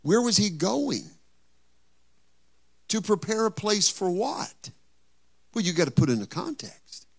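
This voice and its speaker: A male pastor preaching a sermon in a conversational tone, firing rhetorical questions at the congregation and building to loud, emphatic peaks. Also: high voice, sing-song, a little slow, vocal fry, long pauses, slightly rough.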